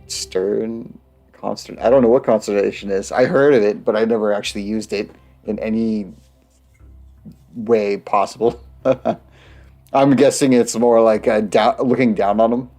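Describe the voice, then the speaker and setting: Man, casual gaming commentary, reads game text, low voice, faint music. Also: steady tone, measured pace, mellow. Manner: rambling, laughs often, stumbles over words while reading. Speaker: let's play host.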